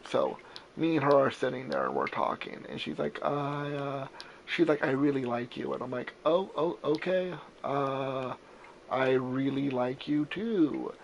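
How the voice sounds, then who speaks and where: Gravelly young man telling rambling stories. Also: mid-range voice, lively intonation, measured pace, a little hiss or hum, low-quality recording. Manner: rambling, profane, self-correcting. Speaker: gaming stream host. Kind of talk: casual storytelling chat.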